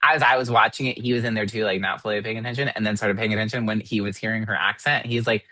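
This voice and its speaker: A man co-hosting a podcast in casual chat, animated and swearing, his voice jumping up when exasperated. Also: lowish voice, fast, no echo. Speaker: podcast co-host.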